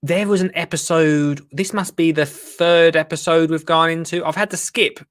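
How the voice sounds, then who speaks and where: A man's voice: fairly high pitch, fairly even intonation, moderate pace, a bit bright. Chatty man hosting a live show. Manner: rambling, chatty, reads viewer comments. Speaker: gardening show host. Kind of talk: casual live-stream chat.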